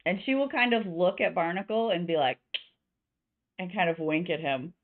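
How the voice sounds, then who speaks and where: A woman's voice: fairly low pitch, moderate pace. Woman game master on a tinny line. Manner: rambling descriptions full of fillers. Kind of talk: narrating a tabletop game. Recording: tinny phone-like online call.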